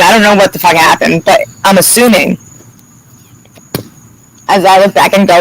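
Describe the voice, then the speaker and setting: A woman's voice: mid-range voice, fairly even intonation, moderate pace, pauses often, a little hiss or hum, poor audio. A woman vlogger telling a story in a casual, heated way, swearing often and acting out what each person said. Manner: heated, profane storytelling with lots of reported dialogue.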